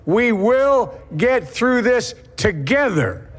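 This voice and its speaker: A man doing an impression of an older president giving a slow, solemn speech on unity. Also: extremely high pitch, sing-song, big-room sound, a little hiss or hum, heavily acted. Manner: slow, halting oratory. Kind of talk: solemn political speech parody.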